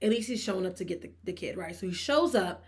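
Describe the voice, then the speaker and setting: A woman, co-hosting a sports gossip podcast in an opinionated, animated way, firing off rhetorical questions at her listeners. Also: fast. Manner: breaks into high-pitched laughing disbelief. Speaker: podcast co-host. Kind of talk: casual sports gossip commentary.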